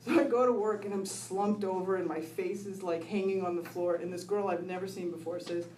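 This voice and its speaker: Speaking to an audience about her recovery, a middle-aged woman laughs often and keeps asking "right?" as she goes. Her voice is medium in pitch and darkish, with a steady tone and moderate pace. The room is echoey and she sounds far from the mic.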